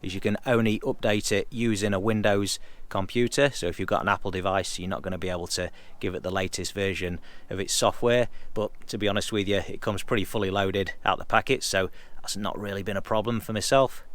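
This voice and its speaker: A man's voice: fairly low pitch, fairly even intonation, fairly quick, a bit bright. Candid chatty man explaining car tools. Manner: candid, chatty, addresses viewers as guys. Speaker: car enthusiast vlogger. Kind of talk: casual explanatory car vlog.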